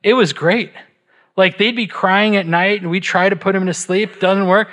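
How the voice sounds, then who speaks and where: A man's voice: sits high, fairly even intonation, moderate pace, a bit bright. A middle-aged man preaching a sermon as pastor, emphatic, asking his listeners rhetorical questions and checking in with "right?".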